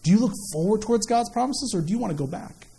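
A man's voice: high-pitched, lively intonation, quick pace, gravelly, warm tone. A man, a young father, preaching a sermon with playful family stories and questions to the congregation. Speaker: pastor.

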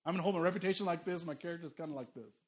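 A man's voice: fairly high pitch, racing. A middle-aged pastor preaching a sermon, a man who tells stories animatedly and acts out the voices he quotes.

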